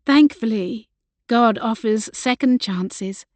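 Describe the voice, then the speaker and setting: A woman's voice: on the high side, takes it slowly, a little mellow, dry recording. A woman voicing a young Regency lady in love, speaking shyly and a little tremulously. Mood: joyful. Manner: shy, tremulous.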